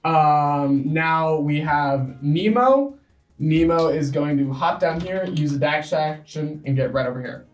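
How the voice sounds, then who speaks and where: A man narrating a tabletop game as game master, in a brisk, easygoing way with many fillers. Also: a little high, faint music behind. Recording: echoey room, far from mic.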